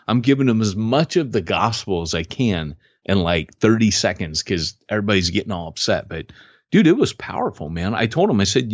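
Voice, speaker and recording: A man co-hosting a podcast, telling a story in a casual, excitable way. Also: medium pitch, moderate pace, no echo, highs cut off. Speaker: podcast co-host.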